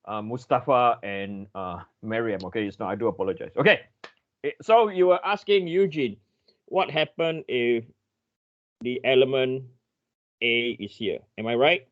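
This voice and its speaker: A man's voice: medium pitch, expressive, normal speed, dull audio. A man lecturing an engineering class online. He thinks aloud, apologizes often and restarts his sentences.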